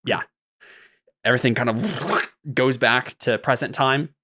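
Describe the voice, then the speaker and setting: A man's voice: medium pitch, a little slow, pushed and bright, no room sound, studio quality. A man narrating as the game master of a tabletop game, in a loose, rambling way with many fillers.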